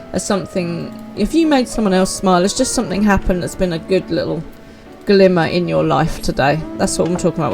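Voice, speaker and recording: A woman, chatting upbeat with viewers while streaming a game live. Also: lowish voice.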